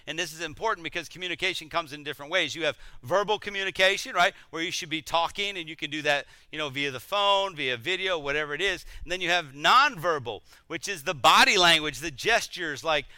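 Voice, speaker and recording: A middle-aged man teaches a sermon in a relaxed, conversational way, poking fun at himself and stumbling over repeated words. His voice is very bright and smooth, sitting a little high for a man. The sound is close and dry. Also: no echo. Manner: conversational, animated, self-deprecating, repeats words.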